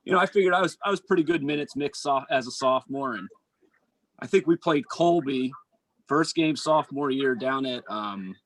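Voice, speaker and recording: A man, a basketball coach and former college player, telling stories in an animated, casual chat. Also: medium pitch, no room sound, rough recording. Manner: animated storyteller, quick asides and restarts.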